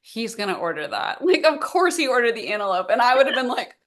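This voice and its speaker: A woman's voice: on the high side, sing-song. A woman co-hosting a podcast, chatting casually and cutting in with playful jokes. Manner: playful, quick jokey interjections. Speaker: podcast co-host. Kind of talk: casual chat.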